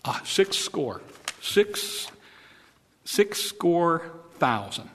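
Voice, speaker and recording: A man preaching a sermon in a folksy, halting way, acting out voices with repeated words. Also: a little high, fairly bright tone. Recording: long hall reverb.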